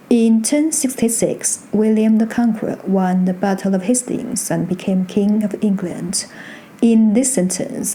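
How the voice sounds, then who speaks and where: A woman gives a scripted pronunciation lesson, speaking slowly and deliberately. Her voice is soft and mellow, with a faint hum of room noise behind it. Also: mid-range voice. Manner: slow, careful delivery with drawn-out tone demonstrations. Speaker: Mandarin teacher and channel host.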